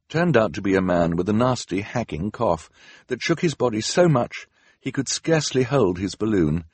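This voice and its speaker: A man narrating an audiobook in a dry, wry storytelling manner. His voice is husky and fairly low. The recording is close and dead, with no room sound. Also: a little mellow, dry recording.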